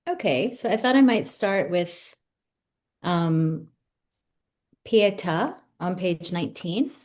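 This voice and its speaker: Low-voiced woman guest, soft-spoken. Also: lively intonation, slow. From Alabama, United States. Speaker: poet and guest. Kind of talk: conversational interview.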